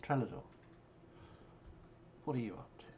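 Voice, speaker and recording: A man, narrating as game master in a relaxed, descriptive way. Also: mid-range voice, normal speed, gravelly, dull audio, a little hiss or hum.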